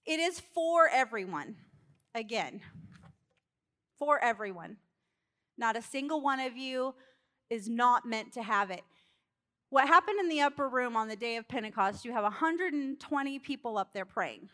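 A woman preaching a sermon in an animated storytelling way, acting out characters and laughing along. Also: on the high side, moderate pace, pauses often.

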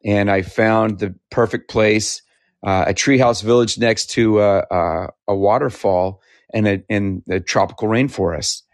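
A man from Idaho, talkative and animated, telling his story in a casual interview and laughing often. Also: lowish voice, measured pace, no room sound. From Idaho, United States. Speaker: interviewee, founder. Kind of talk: conversational storytelling.

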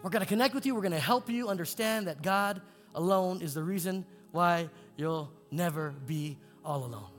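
A male pastor preaching in a church, his delivery swinging between soaring emphatic peaks and hushed low lines. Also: normal speed, few pauses. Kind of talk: sermon with altar call. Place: church sanctuary. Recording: long hall reverb with faint music.

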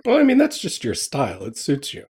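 Husky-voiced Southern man, easygoing. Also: fairly high pitch, wildly swooping pitch, a little fast, darkish tone. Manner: easygoing, agreeable. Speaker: podcast guest. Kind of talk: casual chat.

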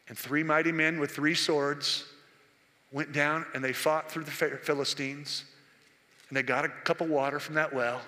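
A man's voice: on the high side, fairly even intonation, moderate pace. A man in his sixties, a senior pastor preaching a sermon in a church, telling stories with impassioned, rising delivery. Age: 60s. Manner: impassioned, storytelling, rising to near-shouted peaks. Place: church sanctuary. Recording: long reverb of a church hall.

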